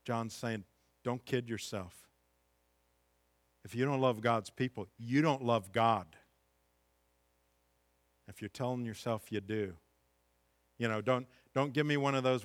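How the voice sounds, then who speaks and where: A middle-aged male pastor delivering a sermon, moving between calm scripture reading and impassioned, emphatic peaks. His voice sits in a moderate range and sounds dry and close, with little room sound. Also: medium pitch, unhurried, long pauses, no echo.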